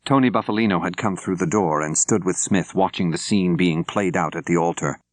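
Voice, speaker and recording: An older man narrating an audiobook in a measured, clear storytelling manner, close to the microphone. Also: low voice, no room sound. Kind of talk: scripted narration. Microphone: close studio mic.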